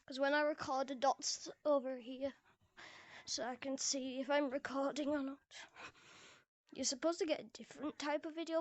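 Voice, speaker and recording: A woman's voice: sits high, dry recording. A woman chatting playfully and goofing around while recording casual commentary over a VR game. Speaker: gameplay video maker.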